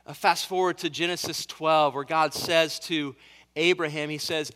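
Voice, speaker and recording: A man's voice: on the high side, fairly even intonation, moderate pace, pushed and bright, in a large hall. A man preaching a sermon as pastor, earnest and emphatic, building on repeated phrases.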